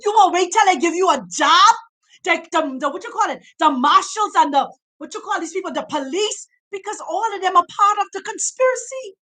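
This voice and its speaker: Fervent high-voiced woman preaching. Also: animated, a little fast. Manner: fervent, impassioned preaching with shouted exhortations. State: emotional, near tears at times. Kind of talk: sermon.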